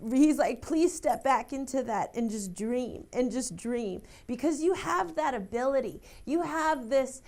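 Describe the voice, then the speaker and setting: A woman's voice: high-pitched, lively intonation, unhurried, hardly any pauses, darkish tone. A young woman working as a psychic medium, relaying messages emotionally, laughing and close to tears. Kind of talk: live TV psychic reading.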